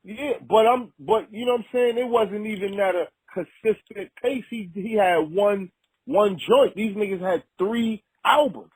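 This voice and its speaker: A rapper from Harlem, talking as a guest in a casual conversation, full of street slang and frequent "you know what I'm saying.". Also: male voice, high voice, unhurried, husky, dry recording, rough recording. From Harlem, New York.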